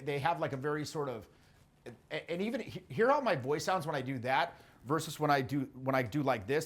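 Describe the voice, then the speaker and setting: A man coaching social skills in a casual, animated way, with the odd swear and quick acted-out quotes. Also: medium pitch. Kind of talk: casual spoken teaching.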